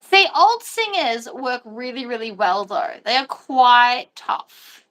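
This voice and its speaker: A woman's voice: a little high, big pitch swings, slow pace, fairly bright tone. A woman chatting casually and rambling while she sews. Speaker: sewing host. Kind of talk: casual chat while sewing.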